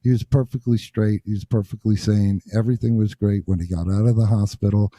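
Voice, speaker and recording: A man from New Jersey, a bassist and interview guest, telling stories in an animated way and acting out what people said. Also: a little fast, no room sound. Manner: animated storyteller acting out quotes. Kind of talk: storytelling interview.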